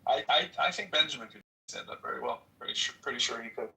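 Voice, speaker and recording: A man moderating a casual online audio chat, talking haltingly with many repeated words and restarts. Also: mid-range voice, gravelly, sharp tone, low-quality recording.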